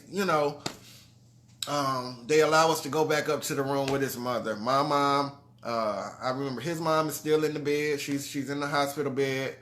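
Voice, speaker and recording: A man telling a heartfelt personal story to his audience, earnest and conversational, often checking in with "you know what I'm saying". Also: a little high. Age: adult father of grown sons. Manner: trailing restarts and soft drops in level.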